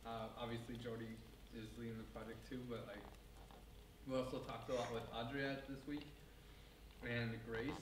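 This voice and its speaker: A man's voice: medium pitch, moderate pace, long pauses, distant mic. Casual man in an echoey room. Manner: relaxed, rambling with fillers. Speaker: meeting lead. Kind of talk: casual team meeting. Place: room at a hackathon. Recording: echoey room, faint noise.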